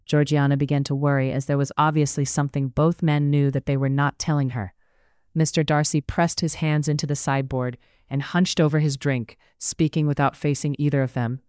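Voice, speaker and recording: A narrator reading a period romance story aloud in a steady, measured way. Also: mid-range voice, smooth, no echo, studio quality.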